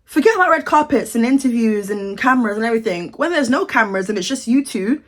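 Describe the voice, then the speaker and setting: A woman's voice: on the high side, expressive, fast talker. A young British woman from the UK giving sassy, outraged celebrity commentary in a casual vlog, with exaggerated reactions. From United Kingdom. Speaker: commentary vlogger.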